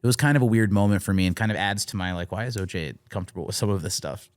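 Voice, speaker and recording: A man's voice: fairly low pitch, very fast, dry recording, studio quality. A man co-hosting a podcast, casually analysing a comedy sketch in a thoughtful way. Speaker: podcast co-host. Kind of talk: casual chat.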